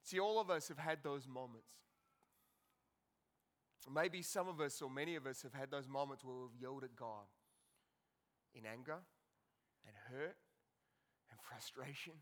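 A man preaching a sermon as pastor, emphatic and repetitive, swinging between loud passages and hushed ones. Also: mid-range voice, measured pace, long pauses.

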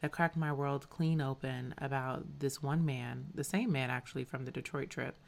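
A woman's voice: rumbling low, moderate pace, creaky, a little mellow. A woman hosting a podcast, talking candidly and casually about her friends, with fillers and some swearing. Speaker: podcast host. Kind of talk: scripted podcast narration.

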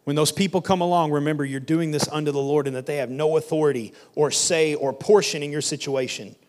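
A man's voice: on the high side, steady tone, a little fast, a little mellow. A male pastor preaching a sermon, building intensity and repeating lines for emphasis, with casual phrasing like "y'all" and "ain't.". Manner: colloquial Southern-church phrasing, "y'all" and "ain't".

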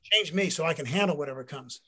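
A middle-aged man, a former pro football player, telling a personal faith story in an interview with earnest, animated delivery. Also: a little high, quick pace. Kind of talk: personal faith testimony in conversation.

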